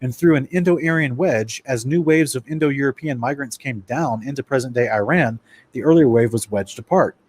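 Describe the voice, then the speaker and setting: Animated man presenting to his friends. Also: mid-range voice, moderate pace. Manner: animated, addresses listeners as guys, stumbles and restarts while reading. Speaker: presenter of a Bible study series. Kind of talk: casual lecture-style presentation.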